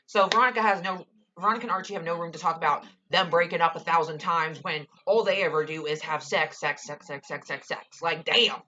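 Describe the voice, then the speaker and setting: A woman's voice: fairly low pitch, fairly quick, bright, forceful tone, dull audio. A young woman casually reviewing a TV episode, gushing and ranting with lots of "like" and swearing.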